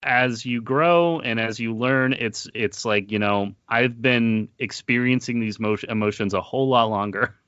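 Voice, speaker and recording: A man hosting an interview, talking earnestly in a casual, halting way with many fillers and restarts. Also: medium pitch, a bit bright, clean tone, no room sound, muffled recording. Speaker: podcast host.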